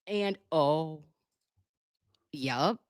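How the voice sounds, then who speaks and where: A woman's voice: low voice, extremely slow, no echo, clean studio sound. A woman hosting a casual live stream on a webcam, chatty and joking as she reads viewer messages aloud. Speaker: livestream commentator.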